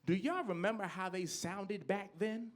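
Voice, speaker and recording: Speaking a little slowly, a man in his thirties performs stand-up on a club stage, ranting with loud bursts and dipping into low asides.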